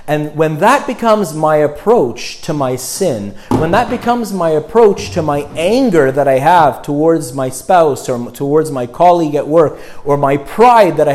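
A man telling a story in a sermon, animated, swinging between loud and hushed. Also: mid-range voice.

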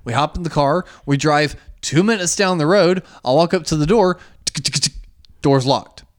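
A man's voice: a little high, normal speed. A man co-hosting a podcast, telling a story in casual chat with a lot of swearing. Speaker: podcast co-host.

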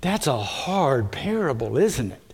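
A man's voice: mid-range voice, very animated, measured pace, a little mellow, husky. A middle-aged male pastor preaching a folksy sermon that engages his congregation.

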